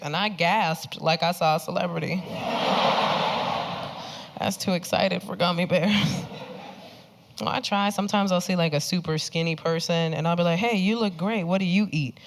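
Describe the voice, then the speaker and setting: A woman from the South Bronx with a New York accent, performing a lively stand-up comedy set. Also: lowish voice. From South Bronx, New York City. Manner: animated, punchy, laughing through her lines. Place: comedy club stage. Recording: loud live audience noise.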